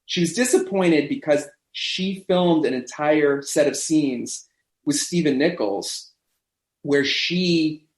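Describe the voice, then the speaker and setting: A man in a casual podcast chat, telling lively backstage stories and acting out what people said. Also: fairly high pitch, slow. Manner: animated storyteller who acts out quoted voices. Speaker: podcast guest. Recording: roomy echo.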